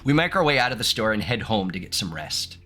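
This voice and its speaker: Playful bright-voiced man streaming a game. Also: lowish voice, big pitch swings, fast talker, faint music behind. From United States. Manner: playful, chatty, laughs often, reads game text aloud. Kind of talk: live-streamed gameplay commentary.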